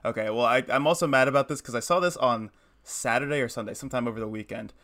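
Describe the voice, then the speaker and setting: Fast-talking young man, rambling. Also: medium pitch, a bit bright. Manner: rambling, filler-heavy storytelling. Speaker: podcast co-host. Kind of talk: casual chat.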